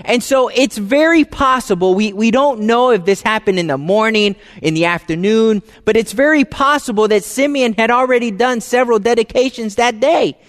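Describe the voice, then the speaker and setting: A man preaching a sermon as pastor, talking conversationally and dropping into soft, hushed tones for emphasis. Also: very high voice, normal speed, few pauses. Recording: long hall reverb.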